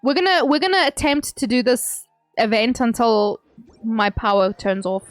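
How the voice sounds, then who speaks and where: A woman's voice: fairly high pitch, moderate pace, dry recording, faint music behind. A young woman livestreaming, chatting casually with viewers, reading messages aloud and laughing often. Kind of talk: casual chat with stream viewers.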